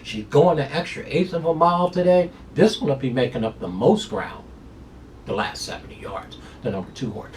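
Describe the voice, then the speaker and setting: A man giving an excitable horse racing preview, stretching words for emphasis and calling out "y'all". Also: mid-range voice, recorded from a distance. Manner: excitable, drawn-out emphatic lines, folksy "y'all". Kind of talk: race preview and picks.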